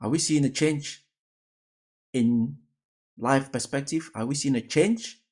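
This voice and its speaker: A man's voice: mid-range voice, measured pace, a little mellow. A man giving casual reaction commentary, emphatic and fond of repeated rhetorical questions.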